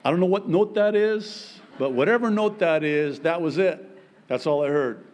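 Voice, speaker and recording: A man preaching a sermon as pastor, with emphatic, raised high-pitched points broken by quiet, joking asides. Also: moderate pace, slight background noise. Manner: humorous, self-deprecating asides.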